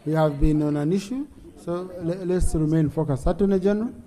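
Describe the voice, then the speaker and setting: A man's voice: a little high, a little fast, mellow. A man with a Ugandan English accent chairing a parliamentary session, firm and given to repeating phrases. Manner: firm, repeats phrases while directing debate. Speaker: presiding speaker of parliament. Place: parliament chamber. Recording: long reverb of a large chamber.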